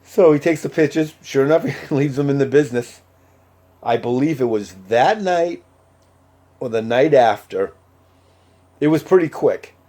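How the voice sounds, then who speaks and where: A man's voice: medium pitch, animated, moderate pace, long pauses, warm tone. A man telling a personal story in a casual, conversational way, acting out the other people's words with lots of fillers. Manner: conversational, many fillers and quoted dialogue. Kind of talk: casual anecdote.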